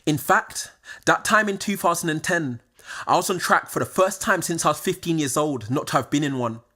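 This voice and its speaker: A man, telling a scripted personal story, moving from quiet confiding tones to excited exclamations. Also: a little high, moderate pace.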